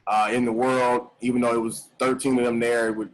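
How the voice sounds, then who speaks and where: A man in the middle of his range hosts a relaxed podcast chat over a live stream. He talks in a laid-back way, circling back over his words with fillers and restarts. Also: mid-range voice, a little fast, rough recording. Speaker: podcast host. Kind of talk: casual chat. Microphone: live stream call.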